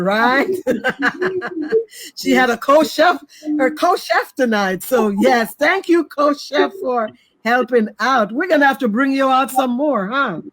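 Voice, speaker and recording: A woman, pitched a bit high, co-hosts a live cooking stream. She praises the chef's dish and walks late viewers through what they missed. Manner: warm, praising, recapping for viewers. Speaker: co-host of a cooking show. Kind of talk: live stream co-hosting commentary.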